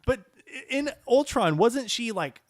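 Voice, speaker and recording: A man co-hosting a movie podcast in animated, profane casual chat, laughing often. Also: very high voice, slow, no room sound, clean studio sound. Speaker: podcast co-host.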